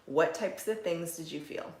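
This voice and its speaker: A woman with a slightly low voice talks casually to her livestream viewers. She is relaxed and chatty, scattering "like"s and soft laughs through her speech as she reads comments aloud. Her voice carries a roomy echo from her home. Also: normal speed, slight background noise. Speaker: livestream host, manifestation coach. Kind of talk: casual live-stream chat reading viewer comments. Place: indoors at home.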